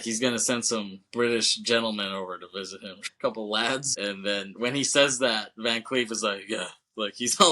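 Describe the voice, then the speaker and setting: A man co-hosting a podcast, casually retelling a film scene by scene and dropping into quick quoted lines with laughter. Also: lowish voice, sharp tone. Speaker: podcast co-host. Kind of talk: casual movie recap.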